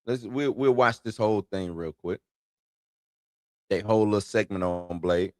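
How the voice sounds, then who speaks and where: A man's voice: lowish voice, normal speed, a little mellow, no echo, studio quality. A man hosting an entertainment news show in loose, slangy casual commentary, chuckling between points.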